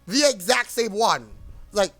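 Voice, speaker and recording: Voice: medium pitch, expressive, measured pace, a bit bright, faint music behind. A streamer in a casual livestream rant, rambling and blunt, with frequent swearing.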